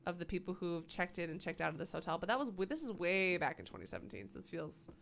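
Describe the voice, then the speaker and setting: Chatty woman streamer, sarcastic and swears a lot, pitch jumps all over. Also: very animated, fast talker, creaky, a bit bright, a little hiss or hum. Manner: playful, sarcastic, swears freely. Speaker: gaming streamer. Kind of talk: live game commentary.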